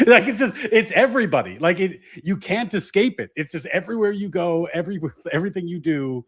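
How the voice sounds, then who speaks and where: A man's voice: on the high side, very animated, normal speed. A man co-hosting a podcast in casual chat, with dry, wry remarks.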